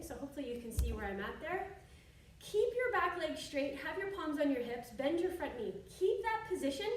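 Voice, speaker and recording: A woman instructor talks through stretches as she moves, chatty and encouraging with little asides, a bit out of breath. Her voice sits high. She is heard from a distance in a roomy, echoey space with faint hiss behind. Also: darkish tone. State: slightly out of breath. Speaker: yoga and fitness instructor. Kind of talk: instructional demonstration while exercising.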